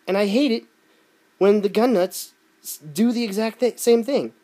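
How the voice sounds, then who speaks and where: A man's voice: high-pitched, normal speed, warm tone. A man delivering a sarcastic, ranting opinion commentary. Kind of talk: opinion rant video.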